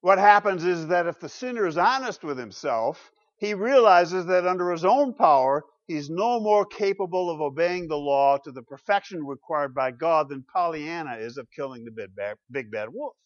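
Higher-voiced male preacher, dramatic delivery. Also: expressive, normal speed, few pauses. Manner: dramatic, rhetorical, big swings in loudness. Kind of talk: sermon. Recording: dull lo-fi recording.

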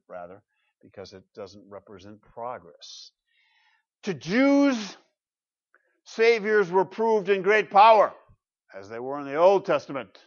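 A man preaching a sermon with emphatic delivery, asking rhetorical questions and swinging between loud and soft. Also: medium pitch. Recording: dull lo-fi sermon recording.

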